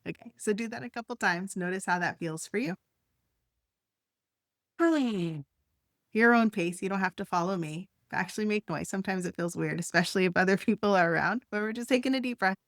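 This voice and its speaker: A woman leading a guided breathing and stretching exercise, with gentle, encouraging, unhurried instructions and the odd soft laugh. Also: medium pitch, no echo, studio quality. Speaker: wellness instructor.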